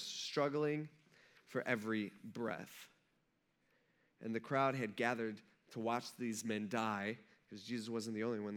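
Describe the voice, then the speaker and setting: Bright-voiced conversational male pastor. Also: medium pitch. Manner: conversational storytelling preacher, acting out crowd voices. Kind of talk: sermon.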